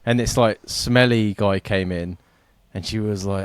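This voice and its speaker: A man's voice: medium pitch, fairly quick, hardly any pauses. A man from England co-hosting a podcast, telling stories in casual chat, laughing often and swearing freely. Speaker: podcast co-host.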